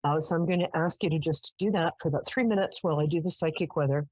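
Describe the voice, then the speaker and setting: A woman's voice: sits low, fast, darkish tone, dry recording, lo-fi sound. A woman hosting a live call-in psychic show, chatty as she tells stories and affectionate with callers. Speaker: psychic radio host.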